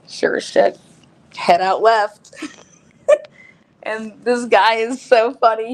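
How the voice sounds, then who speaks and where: A woman telling a story in a casual, animated way, often laughing, using lots of fillers, and acting out other people's lines in a raised voice. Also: a little high, slow pace, long pauses. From United States. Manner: frequent fillers like "like" and "oh my God".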